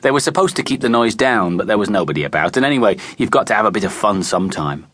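A man reads a children's adventure aloud with expressive storytelling. His voice sits on the low side but rises and falls freely. The studio sound is close and dry. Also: fast, no echo. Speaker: audiobook narrator. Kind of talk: scripted narration. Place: recording studio. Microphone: close studio mic.

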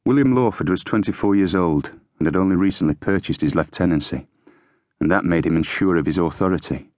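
In a dry, studio-quality recording, a deep-voiced man narrates an audiobook. His scripted reading stays steady and measured.

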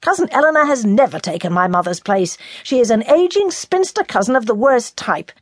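A woman's voice: a little high, sing-song, a little fast, dry recording, studio quality, voice pushed up. A woman reading a heated, scornful young man. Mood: indignant. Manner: impassioned, scornful, emphatic.

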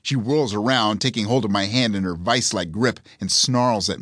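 Low-voiced male audiobook narrator. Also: moderate pace, hardly any pauses, a bit bright, no echo, studio quality. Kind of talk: first-person audiobook narration.

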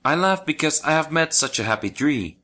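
A man's voice: fairly high pitch, lively intonation, a little fast, pushed and bright. A man voicing a frightened young boy captured by a witch, in a children's storybook. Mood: plaintive.

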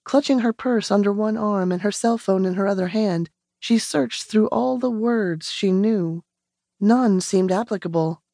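A woman narrating an audiobook in a measured, steady storytelling manner on a close studio mic. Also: mid-range voice, no echo. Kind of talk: scripted narration.

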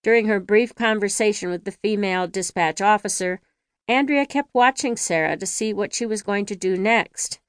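A woman author narrating her own audiobook in a measured, even storytelling manner. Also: medium pitch, clean tone, no room sound, clean studio sound.

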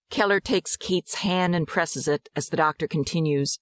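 A woman narrating a dramatized audiobook in a measured, descriptive way. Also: lowish voice, dry recording, clean studio sound.

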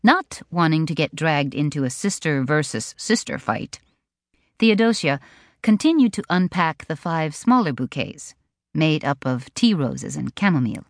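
A woman narrating an audiobook with a low voice and animated, expressive storytelling. Her pitch moves freely through each sentence, and the studio recording is dry and close, with no room sound. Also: normal speed, no room sound.

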